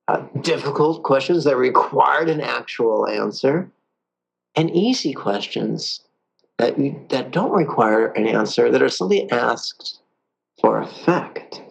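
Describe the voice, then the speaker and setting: A man with a gravelly, husky voice teaches a guided meditation. He speaks calmly with a playful streak and slows right down for the breathing cues. His pitch sits in an ordinary middle range. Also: poor audio.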